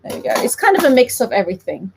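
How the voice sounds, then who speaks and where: A woman's voice: on the high side, sing-song, rapid-fire, creaky, a little mellow, a little hiss or hum. A woman from South Africa with a light South African accent, giving a chatty, giggly live papercraft tutorial. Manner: chatty, giggly, self-deprecating. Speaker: papercraft demonstrator.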